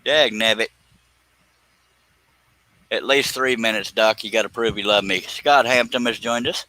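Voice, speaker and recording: A man hosts a casual woodworking live stream, joking and wandering off topic as he works. His voice sits low but sounds sharp and bright. The sound is close and dry, with no room around it. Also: unhurried, dry recording, rough recording. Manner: joking, rambling, slips into put-on voices. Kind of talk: casual live-stream chat while scroll sawing.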